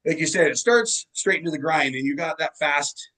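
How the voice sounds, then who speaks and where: A man's voice: on the high side, moderate pace, bright, forceful tone, low-quality recording. A male musician being interviewed, telling long rambling anecdotes in casual chat and swearing freely. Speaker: musician guest.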